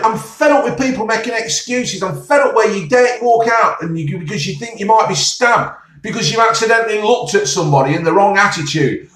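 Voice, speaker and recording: A man's voice: sits high, a bit bright. A man ranting bluntly and heatedly in a rambling monologue, swearing mildly. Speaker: vlogger. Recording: echoey, from far off the mic.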